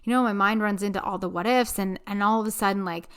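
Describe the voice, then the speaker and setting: A young woman hosts a casual spiritual podcast on her own. She tells a story earnestly and with animation, using plenty of casual fillers, and her voice sits at a middle pitch. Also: fairly even intonation, fast, clear, resonant tone. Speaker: podcast host.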